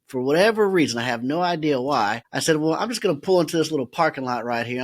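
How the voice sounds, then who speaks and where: A man who is a podcast guest, telling a story in a lively way and often laughing as he talks. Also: medium pitch. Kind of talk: animated storytelling.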